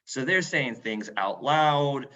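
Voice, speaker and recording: Chatty man, bright voice, lo-fi call. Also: medium pitch, animated, takes it slowly. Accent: northern English put on. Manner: chatty, rambling, many fillers and restarts. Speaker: museum role-player. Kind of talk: casual Q&A talk on a video call. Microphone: video call. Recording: dull lo-fi video call audio.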